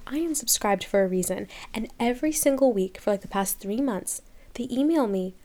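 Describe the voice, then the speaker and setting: A woman's voice: medium pitch, expressive, fairly quick, warm tone. A young woman in her twenties hosting a podcast, ranting in a casual, sarcastic, exasperated way and breaking into laughter. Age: 20s. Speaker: podcast host. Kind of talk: casual comedic rant.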